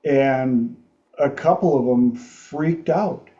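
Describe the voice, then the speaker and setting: A man's voice: medium pitch, takes it slowly, dark tone, lo-fi sound. A man hosting a podcast, telling a story in a frank, rambling way with frequent restarts. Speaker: podcast host. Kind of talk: storytelling chat.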